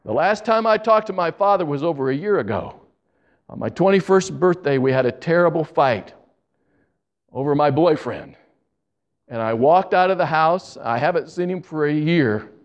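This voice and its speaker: A man voicing a distraught young woman of about twenty-one who pleads in a high, strained voice. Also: animated, normal speed, dull audio, lightly acted. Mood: distraught pleading.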